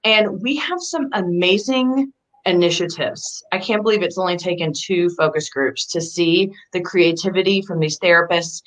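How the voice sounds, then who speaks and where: A woman hosts a live online talk, chatty and bubbly and quick to laugh. Her pitch rises and falls with a lot of life. She sounds like she is speaking from home over a video call. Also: a bit bright, rough recording. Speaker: host. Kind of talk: casual livestream talk.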